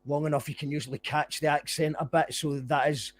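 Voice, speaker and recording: A man's voice: fairly high pitch, flat delivery, a little fast, slight background noise. A Scottish man hosting a podcast, chatting casually with his guest and laughing easily. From Scotland. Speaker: podcast host. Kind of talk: casual chat.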